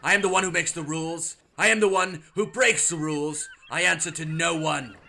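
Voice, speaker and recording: A man playing a gravelly boastful sea lawman. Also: on the high side, fairly even intonation, fairly quick, pushed and bright. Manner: blustering, boastful threats. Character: swaggering self-important male sea lawman.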